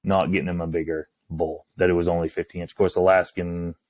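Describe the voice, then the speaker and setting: Man, hunting guide, casual storytelling, deep voice, dry sound. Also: fast talker, no echo. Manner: animated, acts out quoted lines in a hushed voice.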